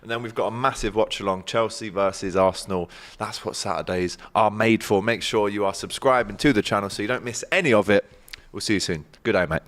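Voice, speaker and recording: A man's voice: lowish voice, brisk, few pauses, a bit bright. A man hosting a casual sports show, teasing his co-hosts in cheeky, upbeat banter. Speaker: host.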